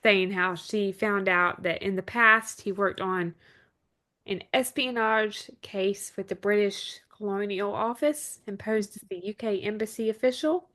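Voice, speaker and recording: A woman co-hosting a relaxed podcast, recapping a TV episode scene by scene in an ordinary mid-range voice. She keeps the chat moving with frequent quick agreements. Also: mid-range voice. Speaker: podcast co-host.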